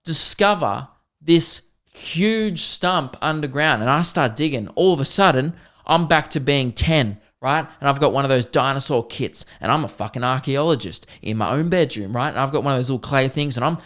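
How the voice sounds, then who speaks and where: Aussie guy on his podcast telling a funny story, over the top and sweary, middle pitch voice. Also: moderate pace. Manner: animated, swearing, mock-dramatic war metaphors. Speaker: podcast host. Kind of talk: comedic storytelling monologue.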